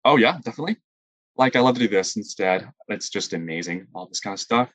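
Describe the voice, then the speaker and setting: A man answering interview questions about improv, talking haltingly and often searching for the right word. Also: fairly low pitch, animated, a bit bright, no room sound. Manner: halting, searches for words, many fillers. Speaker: improv performer, guest.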